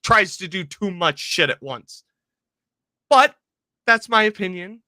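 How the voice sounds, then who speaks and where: A man's voice: sits high, expressive, unhurried, sharp tone, dry recording. A man co-hosting a casual podcast, telling rambling, profane stories. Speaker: podcast co-host. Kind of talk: casual chat.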